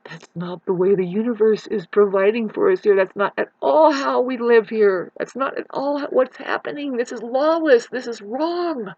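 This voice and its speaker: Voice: medium pitch, normal speed, few pauses, darkish tone, no echo, muffled recording. A vlogger in a rural mountain home, delivering a rambling, profane, preachy rant to the camera.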